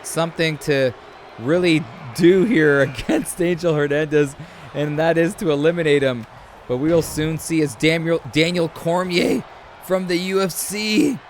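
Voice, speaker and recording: A man with a slightly higher voice commentates a video game match in a chatty, storytelling way. He breaks into animated shouts now and then. A faint room noise sits under the voice. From Canada. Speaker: host.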